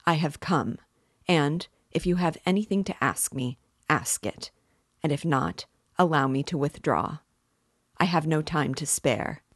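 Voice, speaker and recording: A woman's voice: low-pitched, unhurried, no echo, studio quality. A woman voicing an irritated, resolute young male student under suspicion in an audiobook reading.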